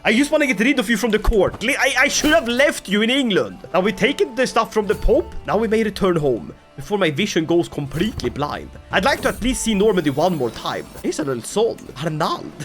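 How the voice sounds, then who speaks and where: Lively jokey man playing a game. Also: high voice. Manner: jokey, playing a boastful Viking ruler. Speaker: gaming YouTuber. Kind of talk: comic let's-play commentary in character.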